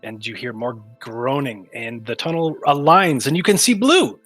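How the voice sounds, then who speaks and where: A man as game master, narrating a tabletop game in a relaxed, matter-of-fact way. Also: mid-range voice, normal speed, no echo, soft background music.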